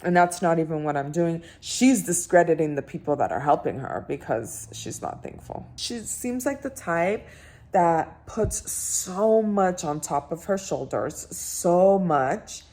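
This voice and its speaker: A woman's voice: lowish voice, measured pace. A woman vlogger, a bit drunk, ranting and telling stories in a casual chat. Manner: ranting, animated storytelling. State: tipsy.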